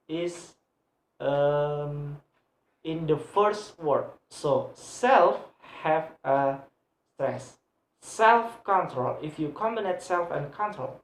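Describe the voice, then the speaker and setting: Slow, hesitant young man in an echoey room. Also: a little high. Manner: halting, with many pauses and fillers, repeating example words. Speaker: student presenter. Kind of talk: explaining grammar in a class video. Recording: roomy echo.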